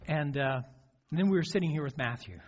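A man's voice: on the high side, animated, brisk. A male pastor giving a sermon. He tells a story with frequent restarts and fillers. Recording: dull lo-fi recording.

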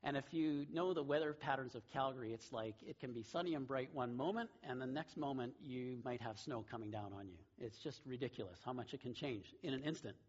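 A man preaching a sermon to his church, telling a story with lively voiced asides. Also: medium pitch, brisk, few pauses, husky, highs cut off. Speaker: pastor. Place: church sanctuary.

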